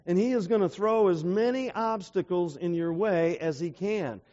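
A man's voice: high voice, moderate pace, dark tone. A man preaching a sermon who keeps asking his listeners rhetorical questions and retells stories with emphasis. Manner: asks the audience rhetorical questions. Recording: dull lo-fi recording.

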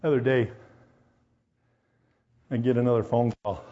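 The lo-fi recording captures a medium-pitched man preaching at a moderate pace to a congregation in a church hall. He tells personal stories with animation and keeps addressing the people directly with questions.

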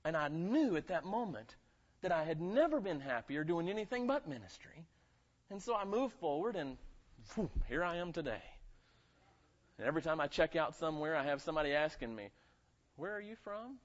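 A male pastor with a light Southern accent preaches in a chatty, personal way, often checking in with his listeners. His voice sits a little higher than most men's, and the recording sounds somewhat muffled and lo-fi. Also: expressive, brisk. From North Carolina. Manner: conversational preaching, calls for amens. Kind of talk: sermon.

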